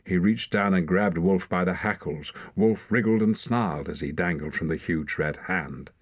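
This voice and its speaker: A man narrating an adventure audiobook in a measured, expressive storytelling voice. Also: sits low, dry recording. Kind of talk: scripted narration.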